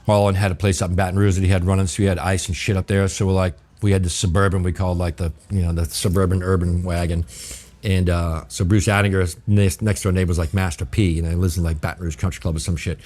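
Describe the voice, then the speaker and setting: Deep-voiced, profane man telling stories. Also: fast talker. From New Orleans. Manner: profane, animated, acts out quoted exchanges. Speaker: guest chef. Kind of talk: casual storytelling.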